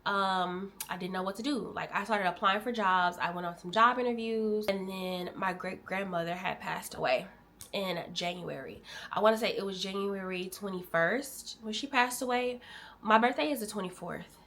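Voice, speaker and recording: A woman's voice: medium pitch, moderate pace. Candid young woman sharing a personal story. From Illinois. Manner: candid and emotional, addresses viewers as y'all; animated, swings between loud bursts and quiet drops. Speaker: vlogger. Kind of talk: casual storytelling to viewers.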